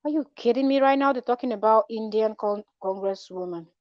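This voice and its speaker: A woman's voice: fairly high pitch, brisk, no room sound, muffled recording. A woman vlogger talking casually and frankly, rambling with restarts and asides. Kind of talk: casual commentary vlog.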